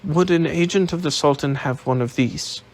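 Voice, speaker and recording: A man's voice: on the high side, moderate pace, close to an everyday voice. A man reading an audiobook, voicing a proud young Austrian nobleman who speaks formally and indignantly. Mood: earnest, indignant.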